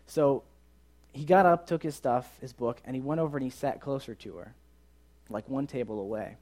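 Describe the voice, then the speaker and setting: A man's voice: mid-range voice, normal speed. A young man leading a youth ministry, telling a story in a sermon and acting out the voices of the people in it. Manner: animated, acts out quoted dialogue in the story.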